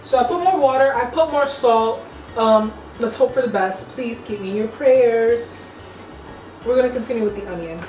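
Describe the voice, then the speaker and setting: A woman's voice: on the high side, normal speed, darkish tone. A young woman cooking at home and chatting playfully to her viewers in a casual, slangy way. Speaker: cooking vlogger. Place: home kitchen. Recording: echoey kitchen, mic at a distance. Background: music playing.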